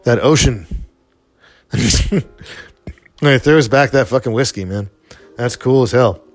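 A man's voice: medium pitch, takes it slowly. A middle-aged man giving casual, rambling commentary over a movie, full of fillers and small chuckles. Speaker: film commentator.

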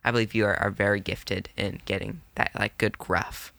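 A man's voice: lowish voice, steady tone, normal speed, vocal fry, bright, forceful tone, dry recording. A man co-hosting a casual chat, modest and agreeable. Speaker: podcast co-host, game master.

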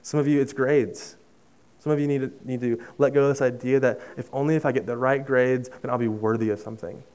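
A young man preaching in a smooth, resonant voice at an ordinary middle pitch. He talks earnestly and conversationally, restarting his phrases, and sinks to a near-hush on heartfelt lines. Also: fairly even intonation, brisk. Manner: drops to a soft hush on emotional lines. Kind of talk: sermon with personal story.

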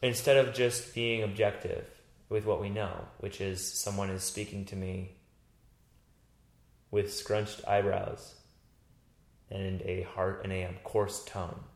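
Lowish guy rambling thru a story, gets animated, echoey room. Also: takes it slowly, pauses often. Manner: animated, rambling storyteller who acts out his own past thoughts. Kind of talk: casual chat. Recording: roomy echo.

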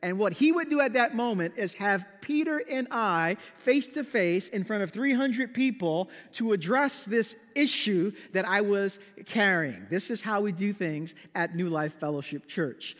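A man in his thirties, a pastor, telling a story in a sermon with an animated, self-deprecating manner. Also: high-pitched, moderate pace, few pauses, in a large hall.

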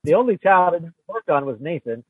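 A man telling stories from his childhood in a casual, halting, rambling way. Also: fairly high pitch, sing-song. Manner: rambling, halting, self-interrupting. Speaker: podcast guest. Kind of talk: casual storytelling chat. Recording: tinny phone line.

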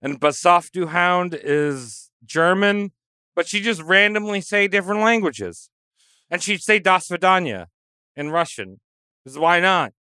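A man's voice: high voice, lively intonation, measured pace, sharp tone, clean tone, no room sound, clean studio sound. A man co-hosting a podcast, chiming in with quips in casual chat. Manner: wisecracking, chimes in with quips. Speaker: podcast co-host.

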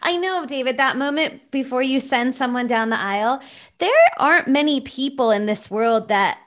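A woman hosting and interviewing as a fellow wedding planner, talking enthusiastically in quick bursts. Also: sits high, fairly bright tone. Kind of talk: casual interview chat.

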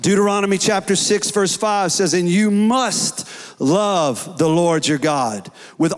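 A man preaching a sermon, earnest and rising to shouts in prayer. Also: sits high, a little slow, clean tone. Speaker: pastor. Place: church hall. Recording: long hall reverb.

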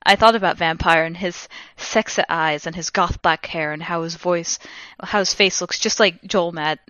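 A woman co-hosting a podcast, reading a story aloud for laughs in an expressive, giggly way. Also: on the low side, normal speed, no room sound, highs cut off. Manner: expressive and giggly, with sudden loud bursts of laughter. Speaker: podcast co-host. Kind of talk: comedic dramatic reading.

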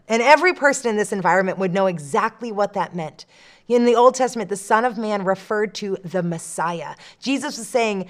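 A woman from a church staff sharing a podcast devotional, teaching earnestly and dropping low on key phrases for emphasis. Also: moderate pace.

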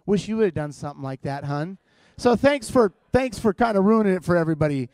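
A man's voice: high-pitched, expressive, fast talker, a little mellow, dry recording. A man preaching as a guest in church, opening with playful, teasing, self-mocking humor to a live congregation.

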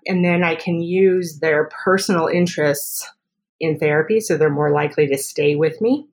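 A woman speech therapist talking through her methods in a podcast interview, chatty and full of quick examples. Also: sits low, a little mellow.

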